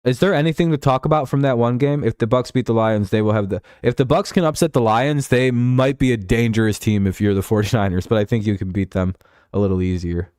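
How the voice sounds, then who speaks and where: A man's voice: mid-range voice, brisk, darkish tone, clear, resonant tone, dry recording, clean studio sound. A young man hosting a live stream, chatting casually about football in a rambling, profane way and reading out chat messages.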